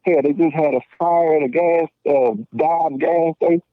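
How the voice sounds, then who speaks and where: A man in his late thirties from Memphis, Tennessee, with a Southern accent, a podcast guest telling stories in a blunt, slangy, animated way with lots of restarts. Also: on the high side, moderate pace, no room sound. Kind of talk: casual call-in conversation. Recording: tinny dry phone line.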